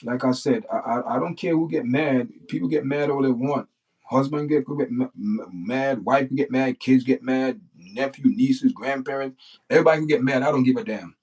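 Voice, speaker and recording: A man's voice: medium pitch, normal speed, darkish tone, breathy edge. A man hosting a livestream, talking off the cuff in a blunt, repetitive rant that circles back on the same points. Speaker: livestream host. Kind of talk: unscripted livestream monologue.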